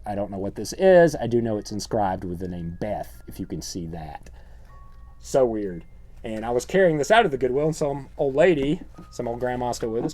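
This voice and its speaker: A middle-aged man hosting a horror channel, talking through his collection in a rambling, sardonic show-and-tell monologue full of deadpan jokes. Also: mid-range voice.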